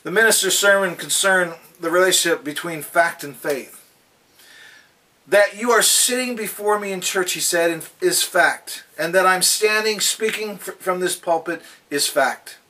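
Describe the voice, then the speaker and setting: A man with a high, bright and forceful voice gives a daily devotional, telling folksy anecdotes along the way. He sounds a little distant from the microphone. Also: a little slow. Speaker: devotional speaker.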